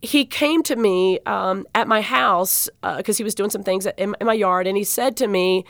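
A woman who works as a dental assistant, telling a personal patient story in an interview, heartfelt and animated, with many fillers and restarts. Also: medium pitch, normal speed, creaky, few pauses, dry recording, studio quality.

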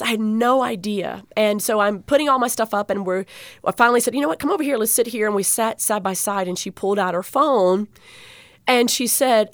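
Woman guest, animated storyteller, gets choked up, dry close sound. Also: mid-range voice, no echo. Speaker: guest speaker. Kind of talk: storytelling interview.

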